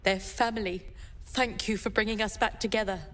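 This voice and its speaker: A woman's voice: mid-range voice, fairly even intonation, a little fast, a bit bright, lightly acted. A woman playing an earnest young sister.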